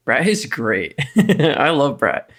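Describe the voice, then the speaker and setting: A man co-hosting a podcast in a relaxed, easygoing way. He teases his partner and keeps the chat loose. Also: mid-range voice, takes it slowly. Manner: easygoing, playful teasing. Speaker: podcast co-host. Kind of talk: casual chat.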